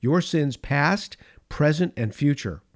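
A middle-aged man preaching a sermon with dramatic pauses and big swings in loudness. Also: fairly high pitch, lively intonation. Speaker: pastor.

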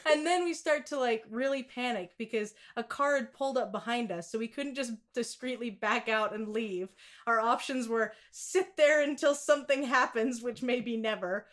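A young woman co-hosting a podcast, telling a funny story in a casual, giggly, animated way. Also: on the high side, normal speed. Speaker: podcast co-host.

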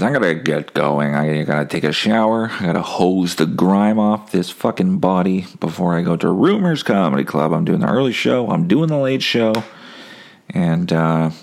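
A man's voice: sits low, gravelly. A man telling a rambling, profane, self-mocking story in a casual monologue as a comedian hosting his own podcast.

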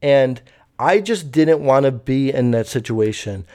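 A man's voice: mid-range voice, expressive, a little slow, mellow. A young man telling a story in a casual, rambling way, swearing often and using many fillers. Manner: rambling, profane, full of fillers.

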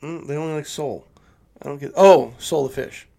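A man co-hosting a podcast, trading casual jokes and swearing freely. His voice often drops to a low, quiet mumble at the end of lines. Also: normal speed, vocal fry. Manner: profane, joking, trails off low. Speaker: podcast co-host.

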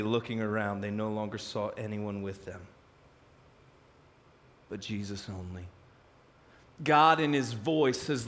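A male pastor preaching, telling the story with animated, self-mocking humor. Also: fairly high pitch, in a large hall, a little hiss or hum. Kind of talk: sermon.

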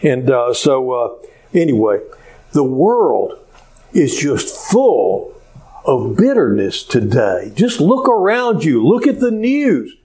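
A pastor preaching a sermon, telling a story in an animated way with frequent hesitations. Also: male voice, medium pitch, takes it slowly, slight background noise, rough recording.

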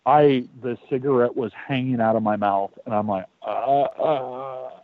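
A podcast host tells a story in a loose, chatty way, repeating words and swearing now and then. His mid-range voice moves at a moderate pace, and the recording sounds tinny, phone-like, and dry with no echo.

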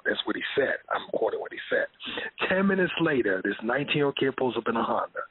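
A male co-host in casual podcast chat, with a husky voice, telling anecdotes in a halting way and repeating words as he restarts. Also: mid-range voice, animated. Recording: dry, tinny phone-like sound.

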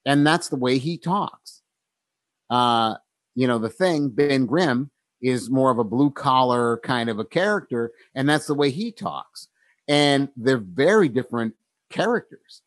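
A man in a relaxed conversation about writing, talking thoughtfully with frequent pauses, ums and easy laughter. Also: mid-range voice, no echo.

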